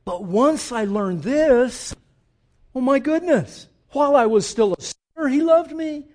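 A man preaching a sermon, swinging from loud emphatic peaks to quiet, low asides and putting direct questions to the congregation. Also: lively intonation, unhurried. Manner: emphatic, rising to loud peaks then dropping low and intimate. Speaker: pastor.

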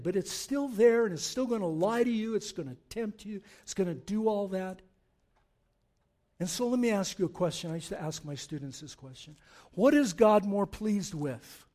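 Male pastor, higher-pitched voice, animated sermon delivery with scripture reading. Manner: animated preaching, reading scripture aloud, rising to forceful exhortation.

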